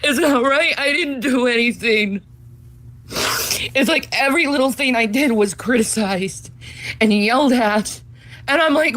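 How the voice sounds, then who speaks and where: A woman with a high, bright voice pours out her side of a fight on a livestream. She sounds tearful and bitter, pleading one moment and swearing the next. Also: measured pace. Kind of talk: heated argument on a livestream.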